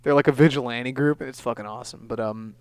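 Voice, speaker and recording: A man's voice: mid-range voice, fairly even intonation, smooth, no echo. A young man co-hosting a casual podcast, rambling through jokes and stories. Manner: rambling, joking, puts on quick voices. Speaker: podcast co-host. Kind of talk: casual chat.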